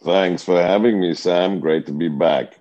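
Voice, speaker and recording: Deep-voiced British man, dry sound. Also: unhurried, mellow, dry recording, muffled recording. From Britain. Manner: confident and wry. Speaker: radio host and analyst guest. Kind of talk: talk radio interview.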